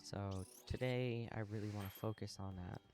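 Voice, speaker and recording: A man live-streaming a game, chatting casually with viewers while he plays, relaxed and a little sleepy. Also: on the low side, normal speed. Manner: relaxed, talks to chat while playing, yawning.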